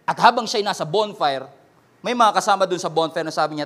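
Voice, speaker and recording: A man's voice: high-pitched, fast, a bit bright. A man with a Filipino accent preaching a sermon, mixing Tagalog and English and acting out quoted voices dramatically. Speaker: pastor.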